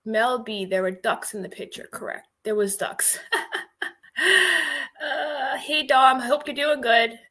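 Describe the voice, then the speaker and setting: Chatty woman streamer with a bright, slightly high voice, loose and rambling. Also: a little slow. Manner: chatty, rambling, giggly, heavy on "like". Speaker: livestream host. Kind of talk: casual livestream chat.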